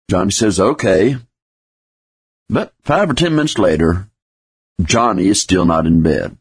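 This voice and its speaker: A man's voice: fairly low pitch, slightly rough. A man preaching a sermon in a folksy manner, acting out everyday parent and child dialogue to make his points. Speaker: pastor.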